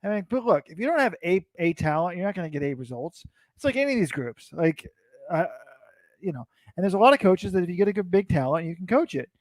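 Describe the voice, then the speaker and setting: A man's voice: sits high, lively intonation, fast talker, darkish tone, no echo, poor audio. A man co-hosting a casual sports recap, telling stories in a rambling, self-interrupting way. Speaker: co-host.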